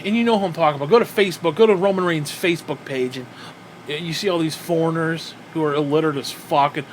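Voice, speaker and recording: Man, wrestling review rant, profane, exasperated, higher voice, faint air-conditioner hum. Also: fast. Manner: profane, exasperated, frequent sighs. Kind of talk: ranting review.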